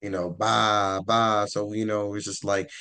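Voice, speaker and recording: A man's voice: fairly low pitch, flat delivery, fairly quick. A man giving an informal Bible teaching, rambling and repeating words, his voice worn. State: losing his voice.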